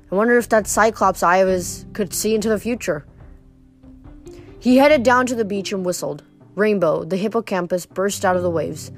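A woman reads a novel aloud in a lively storytelling manner, stumbling and restarting now and then. Her voice sits at a middle pitch. Faint music plays beneath. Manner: expressive, voices characters, occasional slips and restarts. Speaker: reader.

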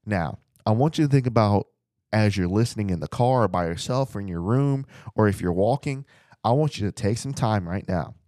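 A man's voice: on the low side, expressive, fairly quick, a little mellow, dry recording, studio quality. A man teaching the Bible as a preacher, earnest and repeating phrases for emphasis, speaking to listeners at home.

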